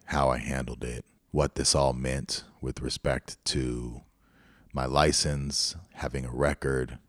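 A middle-aged man with a bass voice hosts a podcast, telling a personal story as a candid, reflective monologue. The recording is dry, with clean studio sound.

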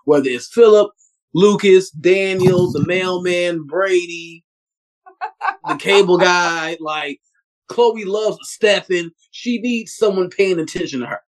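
A man co-hosting a fan podcast, chatting eagerly with a guest, gushing praise and mimicking characters in quick asides. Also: sits high. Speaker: podcast co-host. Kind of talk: casual interview chat.

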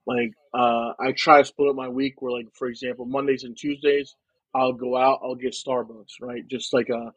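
On a dry recording with the highs cut off, a young New Jersey man chats casually as a podcast guest at a moderate pace and medium pitch. He rambles in an easygoing way, frequently saying "man" and "right."

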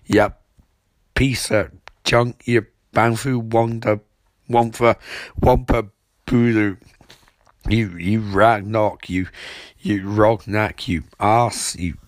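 Guy doing a fed up lady scientist dragging out insults, low dry voice. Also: fairly even intonation, takes it slowly, long pauses, no room sound. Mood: exasperated. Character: exasperated woman scientist ranting insults.

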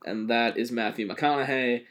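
A man's voice: mid-range voice, steady tone, normal speed, fairly bright tone. A man co-hosting a podcast, in a loose, joking sports chat with plenty of swearing and filler words. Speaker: podcast co-host.

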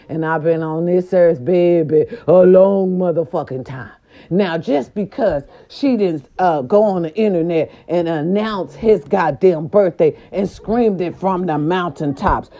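A woman's voice: fairly low pitch, mellow. A woman vlogger in a casual, profane rant, talking straight to her viewers and repeating herself for emphasis. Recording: dull lo-fi recording with faint music. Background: faint background music.

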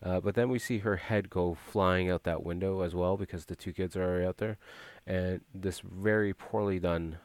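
A man's voice: sits low, fairly even intonation, normal speed, no room sound. A man casually recapping a movie plot, rambling with frequent filler words and restarts.

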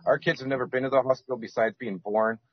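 A man's voice: mid-range voice, steady tone, quick pace, husky, dry recording. A man as a podcast guest, rambling with many restarts and fillers. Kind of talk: casual podcast interview. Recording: dull lo-fi sound.

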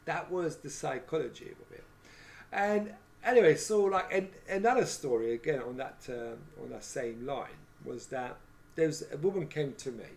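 A man's voice: fairly high pitch, a little mellow. A middle-aged man, telling rambling anecdotes about his years as a hairdresser in a casual chat. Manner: rambling storyteller, many fillers like "right?" and "you know what I mean?". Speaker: former hairdresser telling stories.

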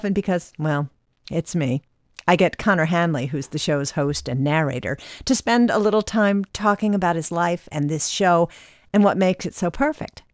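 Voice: medium pitch, no echo, studio quality. A travel host narrating a cruise trip and interviewing a performer, eager and gushing with praise. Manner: enthusiastic, gushing, rambling.

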